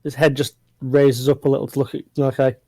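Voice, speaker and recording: A man's voice: mid-range voice, level tone, quick pace, mellow, no room sound, low-quality recording. A man running a tabletop role-playing game as game master over a voice call. He describes the scene loosely, with lots of fillers.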